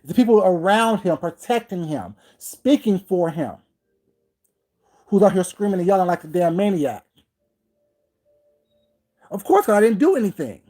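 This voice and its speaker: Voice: mid-range voice, big pitch swings, moderate pace, pauses often, darkish tone. A livestream host delivering a heated, confrontational rant, repeating points and breaking off to greet viewers by name.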